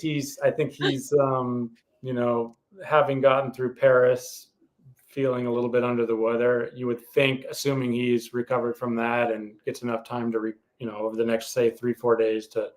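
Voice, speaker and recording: A man with a mid-range voice talks casually as a podcast co-host. He hesitates often and fills the pauses as he thinks aloud. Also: medium pitch. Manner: hesitant, many fillers and restarts. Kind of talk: casual chat.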